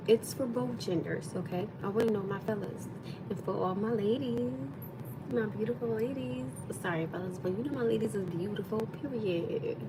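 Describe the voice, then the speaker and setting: Chatty woman livestreamer, noisy audio. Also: medium pitch. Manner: chatty, rambling, thanks viewers often. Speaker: livestream host. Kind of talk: casual livestream chat.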